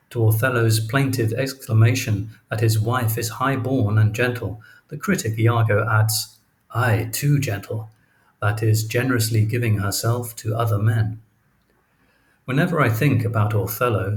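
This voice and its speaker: A man reads nonfiction prose for an audiobook. His delivery is measured and deliberate, and his voice sits a little low. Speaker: audiobook narrator. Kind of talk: audiobook narration.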